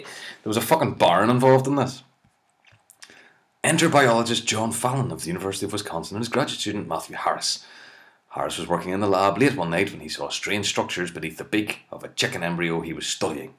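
A comedian reading web articles aloud with exasperated, sweary, mocking asides. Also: male voice, low-pitched, fairly bright tone.

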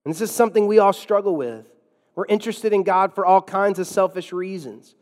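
A man's voice: high-pitched, brisk, darkish tone, in a large hall. A man preaching a sermon as a pastor in a church, emphatic, with sudden drops and swells in his delivery.

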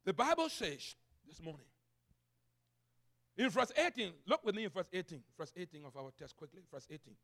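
High-voiced pastor preaching. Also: male voice, big pitch swings, moderate pace, gravelly. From Liberia. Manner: swings between loud proclaiming and quiet asides, repeating phrases. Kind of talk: sermon.

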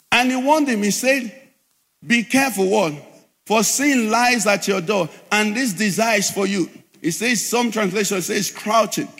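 A man's voice: sits high, fairly bright tone, long reverb tail. A man preaching a sermon as pastor, asking the congregation questions as he teaches.

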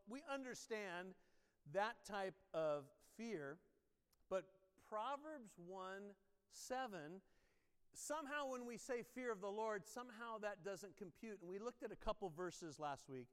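Middle-aged male pastor, chatty storytelling sermon voice, smooth and resonant, long church reverb. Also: high voice, animated, unhurried. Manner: conversational, storytelling, asks the congregation questions. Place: church sanctuary.

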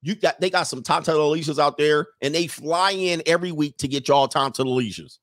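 Slangy, animated man hosting a live stream. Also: on the high side, fairly quick, no echo, clean studio sound. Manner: animated, slangy, mocking put-on voices; laughs often mid-sentence. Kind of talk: casual live stream commentary.

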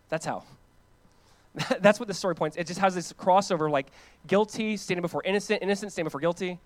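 A man, a pastor preaching a conversational, animated sermon that swings between loud emphasis and quiet, hushed lines. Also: high voice, brisk, no room sound.

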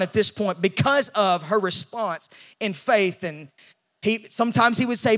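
Man preaching, high voice, animated, acts out the voices in the story. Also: measured pace. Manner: animated, acts out quoted voices, repeats words when he restarts. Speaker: pastor. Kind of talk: sermon.

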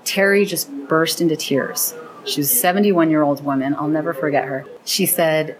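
Low-voiced woman, earnest and enthusiastic. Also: steady tone, normal speed, crowd noise, poor audio. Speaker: founder of a program linking teens and seniors. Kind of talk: interview conversation.

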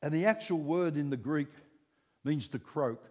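Scottish guy in his 60s preaching, acts out the voices, high pitched, big echoey hall. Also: normal speed, slightly rough. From Scotland. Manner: animated storytelling, acting out voices. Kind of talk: sermon.

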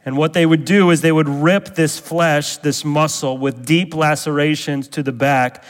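A man's voice: a little high, fairly even intonation, unhurried, big-room sound. A man preaching a sermon as pastor, emphatic, repeating key phrases and putting questions to the congregation.

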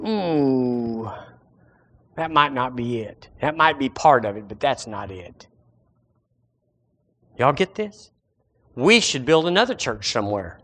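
A man preaching a sermon as pastor, animated and acting out the voices of his listeners. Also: medium pitch, measured pace, long pauses, slightly rough.

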